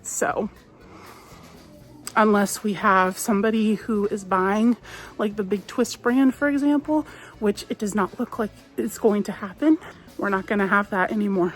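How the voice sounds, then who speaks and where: A woman's voice: medium pitch, unhurried. Woman, casual shopping vlog, chatty and wistful, phone recording in a store, faint music behind. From United States. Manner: chatty, wistful, with frequent soft laughs. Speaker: vlogger. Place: inside a large craft store. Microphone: phone held while walking.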